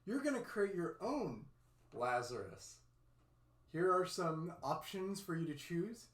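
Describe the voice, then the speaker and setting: Friendly expressive male storyteller for kids, somewhat high voice, echoey room. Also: takes it slowly. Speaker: children's storyteller at a church. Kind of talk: storytelling for children. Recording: roomy echo.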